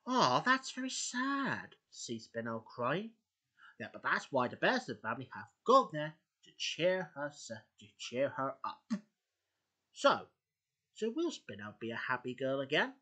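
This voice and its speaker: A man introducing an episode of his homemade story series in a rambling, halting way. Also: mid-range voice, wildly swooping pitch, bright, forceful tone. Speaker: channel host.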